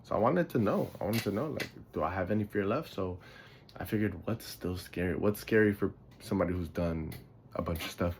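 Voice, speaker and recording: The recording carries slight background noise as a low-voiced man speaks briskly in a darkish tone. A podcast host from the Bronx, New York, he tells casual stories in a rambling monologue, sleepy and yawning. He often loses his thread and swears without much thought.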